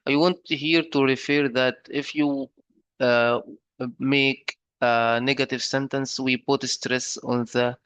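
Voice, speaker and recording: A man's voice: mid-range voice, a bit bright, clean tone, no room sound. A man teaching a beginner grammar lesson, explaining step by step with fillers and frequent checks like "right?". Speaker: English teacher.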